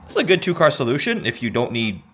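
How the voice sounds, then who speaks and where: Speaking quickly in a medium-pitched voice, a man from Michigan, USA, chats eagerly about a sports car for his laid-back vlog, breaking into rising, excited exclamations. Outdoor noise fills the recording.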